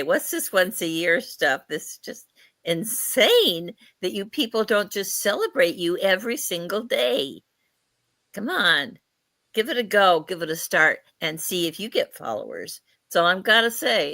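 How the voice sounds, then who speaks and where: A woman's voice: mid-range voice, pushed and bright, no echo, full character voice. A woman voicing a playful fairy spirit who calls itself a leader, giving a mischievous, lecturing channeled message.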